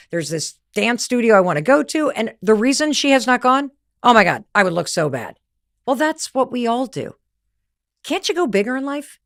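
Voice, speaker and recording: A middle-aged woman giving a motivational talk, candid and emphatic, telling stories and acting out what people said. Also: a little high. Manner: candid, emphatic storytelling with quoted voices. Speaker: podcast host and speaker.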